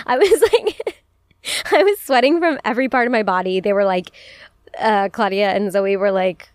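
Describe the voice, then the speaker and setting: A woman's voice: medium pitch, normal speed, no room sound, studio quality. A woman in her twenties hosting a podcast, telling a story in casual chat, swearing freely and laughing often. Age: 20s. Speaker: podcast host.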